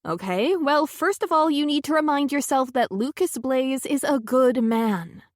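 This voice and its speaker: A woman's voice: sits high, lively intonation, measured pace, no room sound, studio quality, voice pushed up. A woman voicing a stern, protective female friend who fires off firm, pushy questions in an audiobook. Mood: stern concern.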